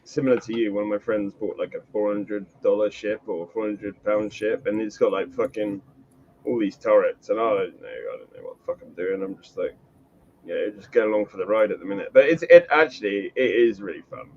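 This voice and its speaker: A man's voice: on the low side, expressive, a little fast, a little mellow, muffled recording, slight background noise. A man guesting on a livestream, chatting casually and swearing freely with an easygoing manner. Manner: easygoing, swears freely, laughs at his own stories. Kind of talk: casual chat.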